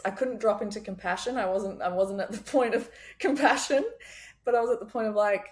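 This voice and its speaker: A woman's voice: mid-range voice, fairly quick, a little mellow. A young adult woman chiropractor, talking candidly and expressively as a guest in a casual podcast conversation, swearing freely.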